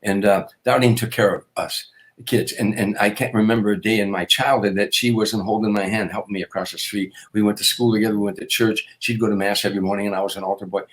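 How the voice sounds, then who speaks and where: An older man with a fairly low voice tells a long personal story. He is earnest and rambling, restarting sentences as he goes. He speaks as a guest comedian in a casual interview. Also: fairly even intonation, fast. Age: 60s.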